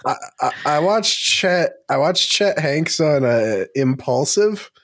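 A co-host with a lively, swinging voice jokes through casual podcast banter. They laugh often and keep things animated. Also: medium pitch, slow pace. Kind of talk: casual chat.

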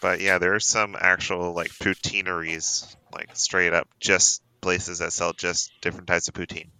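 Deep, bright-toned podcast host. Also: male voice, little pitch movement, normal speed, clean tone, rough recording. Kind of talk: casual podcast chat.

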